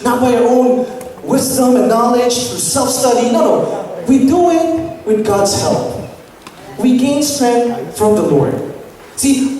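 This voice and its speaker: A young woman from the Philippines gives a lively camp sermon and often asks the audience "right?". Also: high-pitched. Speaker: camp speaker. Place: large hall at a church summer camp. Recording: echoey hall, distant mic, faint noise.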